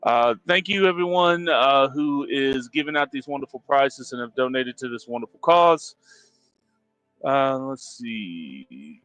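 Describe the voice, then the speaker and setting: A man's voice: medium pitch, animated, a bit bright, no room sound, soft background music, low-quality recording. A man hosting a charity stream, introducing the players in a flustered, self-mocking way. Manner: slow, self-deprecating, flustered. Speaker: stream host. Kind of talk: casual livestream chat.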